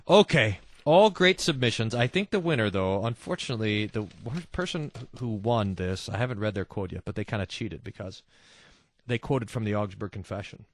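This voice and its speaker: A man hosting a casual religious talk show, reading listener quotes and mimicking people in quick asides. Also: fairly low pitch, no echo. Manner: animated, mimics voices in asides. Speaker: host.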